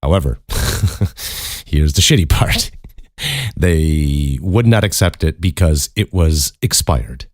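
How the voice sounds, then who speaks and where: American guy with a really low voice, rambling and cussing through a story, dry close sound. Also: expressive, slow pace, pauses often, no echo. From United States. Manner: profane, rambling, laughs often. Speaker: podcast host. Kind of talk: casual storytelling monologue.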